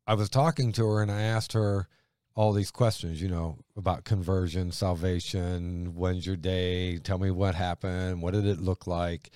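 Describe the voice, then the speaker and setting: A man, a pastor, talking through scripture in an earnest conversational way, building to emphatic points and dropping low. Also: steady tone, moderate pace, dark tone, clear, resonant tone, no echo, clean studio sound. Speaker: pastor co-host.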